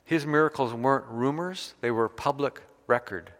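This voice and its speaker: A man's voice: medium pitch, normal speed, a bit bright. A man preaching a sermon, retelling a scripture story with varied emphasis. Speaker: pastor. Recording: long hall reverb.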